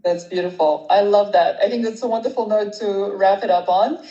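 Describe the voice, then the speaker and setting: Female interview host, mellow warm tone, chatty and upbeat, roomy echo. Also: medium pitch, fairly quick, lo-fi sound. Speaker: podcast host. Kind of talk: conversational interview hosting. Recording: echoey room.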